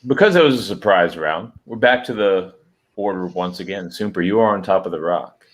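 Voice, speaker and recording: A man with a low voice narrates as game master of a tabletop game. He describes the action steadily and calls for dice checks. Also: animated, brisk.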